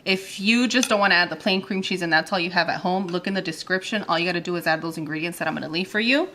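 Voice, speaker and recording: A cheerful woman in her thirties hosts a cooking video from her home kitchen. Her voice is bright and forward. She talks casually, laughs easily and counts out loud while she works. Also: fairly low pitch, quick pace, a little hiss or hum. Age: 30s. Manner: chatty and giggly, counts aloud while working. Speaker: cooking channel host.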